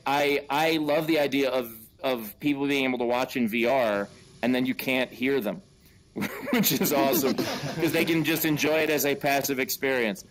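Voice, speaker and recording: A man's voice: medium pitch, fairly bright tone. A man, a stand-up comedian hosting a show from home, bantering casually and profanely into a headset mic. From United States. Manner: profane, self-mocking, quick asides. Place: at home, in a virtual-reality venue.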